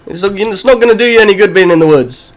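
A man's voice: high voice, fast talker. A young man casually commenting as he plays a horror game with a friend, chatty and swearing often. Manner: chatty, swears often, talks to himself and his teammate. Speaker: gaming channel host. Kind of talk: let's play gaming commentary.

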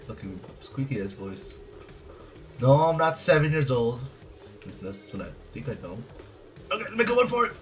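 A man giving casual, profane video game commentary, jumpy and quick to laugh at himself. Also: mid-range voice, expressive, faint music behind. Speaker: gameplay commentator.

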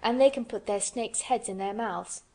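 A woman's voice: on the high side, normal speed, mellow, lightly acted. A woman reading a serious, matter-of-fact young girl in a storybook, plain and earnest.

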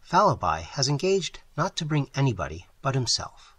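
A man doing a brisk, teasing young man. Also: medium pitch, big pitch swings, a bit bright, breathy edge, no echo. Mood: cheerful.

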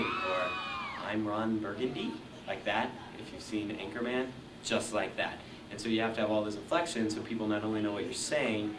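A man's voice: lowish voice, roomy sound, recorded from a distance, background noise. A teenage boy in an interview, explaining acting in a casual, rambling way full of fillers. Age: teens. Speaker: high school drama student.

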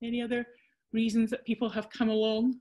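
A woman's voice: fairly high pitch, monotone, fairly quick, mellow. A Scottish woman presenting a workshop over a video call, chatty and self-deprecating with frequent restarts.

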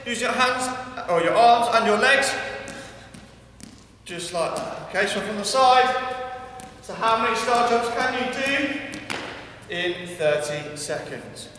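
Breathless English coach in an echoey hall. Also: male voice, very high voice, slow, pauses often, a little hiss or hum. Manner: energetic, encouraging, counting down reps. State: out of breath at times. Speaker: PE workout instructor. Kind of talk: coaching a workout class. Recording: echoey hall, mic far off.

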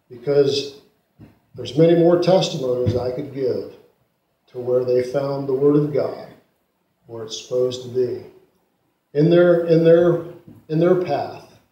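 A man preaching a sermon and telling stories, dramatically swinging from loud peaks to hushed asides. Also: mid-range voice. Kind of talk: sermon storytelling. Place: church sanctuary. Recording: echoey church room.

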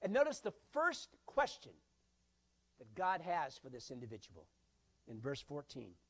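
A man preaching a sermon as pastor. He swings from loud bursts to hushed lines and acts out quoted voices. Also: medium pitch, huge pitch swings, a little slow.

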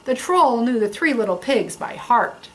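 A librarian reads a picture book aloud to children, using an expressive storytelling manner. Her voice sits on the high side and she takes an unhurried pace.

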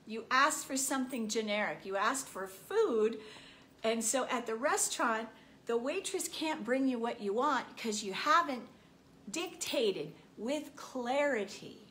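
A woman delivers a spiritual motivational talk with a fairly high voice, taking her time over each phrase. She acts out everyday scenes and laughs often along the way. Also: lively intonation, a little slow, fairly bright tone. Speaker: spiritual speaker.

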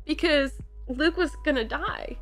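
A woman's voice: sits high, a little slow, vocal fry, soft background music. A woman hosting a movie reaction video, talking in an effusive, emotional way with lots of "like". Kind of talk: casual reaction commentary.

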